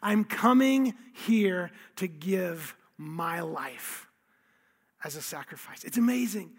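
A man's voice: sits high, lively intonation, measured pace, husky. A man preaching a sermon, telling the story with emphasis and repeating key phrases. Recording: long hall reverb.

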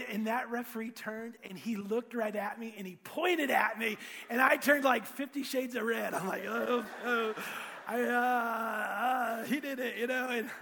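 High, bright-voiced male preacher in a big hall. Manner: storytelling, swings from hushed to shouting. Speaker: pastor. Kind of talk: sermon.

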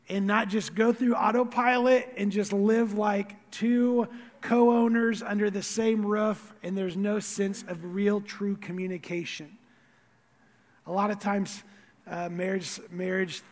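Man, pastor preaching, high-pitched, earnest, loud then quiet, long hall reverb. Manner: earnest, repeats words, swings from loud stress to quiet asides. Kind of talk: sermon.

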